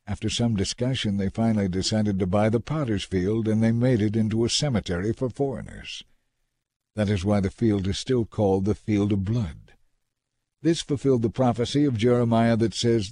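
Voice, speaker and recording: A man narrating scripture in a measured, dramatic reading. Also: fairly low pitch, dark tone, breathy edge, dry recording, studio quality.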